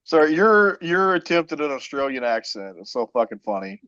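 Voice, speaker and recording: A man co-hosting a casual chat podcast, talking in a blunt, profane way with deadpan jokes. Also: fairly high pitch, brisk, no room sound. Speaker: podcast co-host. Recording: dull lo-fi dry sound.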